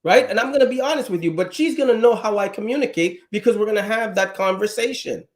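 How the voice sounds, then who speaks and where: A man's voice: high-pitched, quick pace. A middle-aged man with a Trinidadian accent, speaking bluntly as a guest. He is opinionated and emphatic, and he talks in a loose, conversational way. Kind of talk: casual chat.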